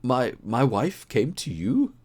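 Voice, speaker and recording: A man's voice: medium pitch, big pitch swings, normal speed, pitched above the performer's own voice, lightly acted. A man reading an audiobook, voicing a haggard, frightened middle-aged businessman who stammers. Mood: shaken. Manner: hesitant, shaken.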